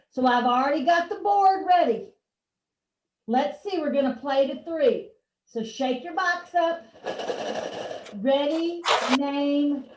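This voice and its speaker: Over a video call, a woman gives a virtual one-on-one reading lesson in a high voice, offering playful, encouraging directions. The background is noisy and the recording carries a roomy echo.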